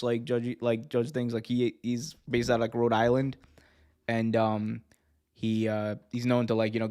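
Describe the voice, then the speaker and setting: A man hosting a casual wrestling news podcast, rambling, joking and correcting himself as he goes. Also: medium pitch. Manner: rambling, self-correcting, jokey. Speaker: podcast host.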